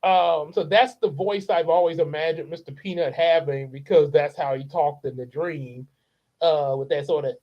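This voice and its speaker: A man's voice: fairly high pitch, normal speed, muffled recording. Rambling, laughing man telling a story. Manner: rambling and animated, laughs often, acts out characters. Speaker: channel host. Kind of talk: casual storytelling monologue.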